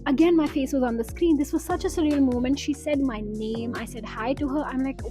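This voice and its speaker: A woman's voice: high-pitched, fairly quick, few pauses, over music. A woman narrating her day in a casual, enthusiastic vlog voice-over. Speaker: vlogger.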